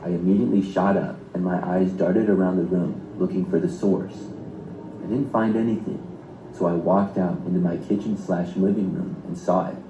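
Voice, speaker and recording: A man narrating a scripted first-person horror story in a steady, even delivery. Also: low-pitched, normal speed, noisy background. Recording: roomy echo.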